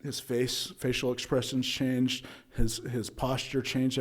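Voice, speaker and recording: At a recovery meeting, a man from Utah, USA, gives his personal testimony in a loose, conversational way, peppering it with "right?" and fillers and acting out what others said. His voice is medium-pitched, with a flat delivery and a measured pace.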